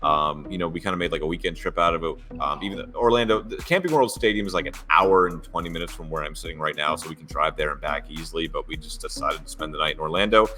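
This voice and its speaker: Man, podcast co-host, very low pitch, bright tone, animated storytelling. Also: fast, few pauses, faint music behind. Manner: animated storyteller, acts out dialogue. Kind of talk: casual podcast chat.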